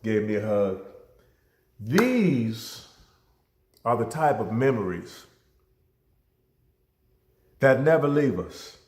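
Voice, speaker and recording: A man from Ohio tells a personal story in a lively storytelling style. His voice sits in a middle range and gets roomy echo around it. He jumps his pitch way up to act out the voices in his story. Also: takes it slowly, long pauses. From Ohio, USA. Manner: animated storyteller, acts out dialogue with big pitch jumps. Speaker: motivational speaker.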